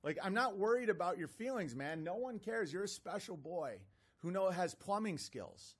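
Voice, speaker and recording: A man's voice: high voice, expressive, normal speed, breathy edge. A man in his thirties hosting a livestream, reading out messages and mocking them bluntly. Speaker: livestream host.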